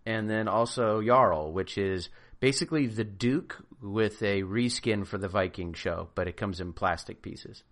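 Co-host, male, lowish voice, relaxed, explains at length. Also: a little slow, few pauses. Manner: explanatory, relaxed, hesitant fillers. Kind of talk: casual chat.

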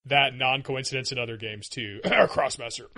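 Bright-voiced chatty male podcast host. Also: medium pitch, sing-song, a little slow, vocal fry. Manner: chatty, wry, laughs easily. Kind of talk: casual chat.

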